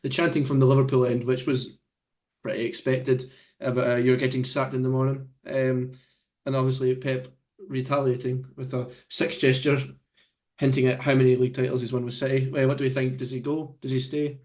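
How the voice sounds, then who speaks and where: A man's voice: mid-range voice, level tone, brisk, darkish tone. A man hosting a casual football podcast, joking around and steering the talk with questions. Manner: jokey, leads the discussion with questions. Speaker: podcast host.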